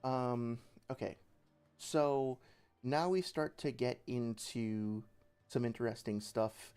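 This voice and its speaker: A man's voice: medium pitch, fairly even intonation, slow, darkish tone, clean tone. Rambling young man on a livestream. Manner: rambling, many fillers and restarts. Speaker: debate reviewer. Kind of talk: casual livestream commentary.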